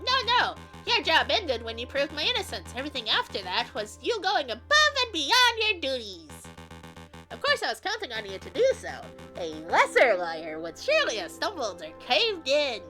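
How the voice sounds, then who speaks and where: A woman voicing a suave male fox who works as a private investigator, flattering and theatrical. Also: high-pitched, normal speed, faint music behind, heavily acted.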